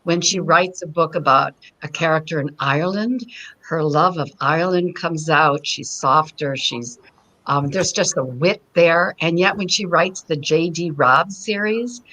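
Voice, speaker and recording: A woman's voice: low-pitched, a little slow, pushed and bright, low-quality recording. A woman co-hosting a casual video chat, talking in a thoughtful, reflective way. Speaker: co-host.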